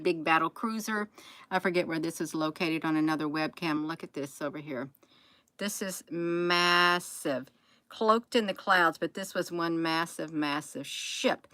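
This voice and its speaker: A woman's voice: fairly low pitch, pushed and bright, no echo, rough recording. A tired woman hosting a late-night livestream, folksy, repeating her phrases and calling viewers "you all". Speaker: channel host.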